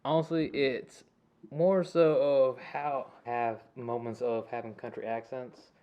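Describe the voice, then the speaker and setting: A man's voice: medium pitch, little pitch movement, clean tone, highs cut off. Easygoing man with a light Southern twang. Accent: light Southern American twang. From American South. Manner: easygoing, drawn-out, trailing off softly. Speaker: podcast co-host. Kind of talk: casual chat.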